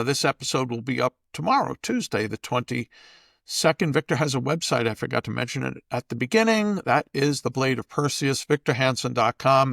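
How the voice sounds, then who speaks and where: Man, co-host, gravelly, rambling questions, dry close mic. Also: mid-range voice, fairly bright tone, no echo. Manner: chatty, rambling, halting questions. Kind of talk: casual interview chat.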